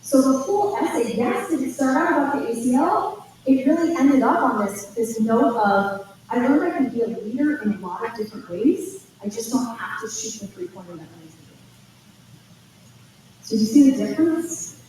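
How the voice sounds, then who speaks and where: A woman giving an informal college admissions talk, telling chatty, animated stories with lots of asides. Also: on the high side, moderate pace. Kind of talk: informal presentation to parents and students. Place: school auditorium. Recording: echoey hall from far off, faint noise.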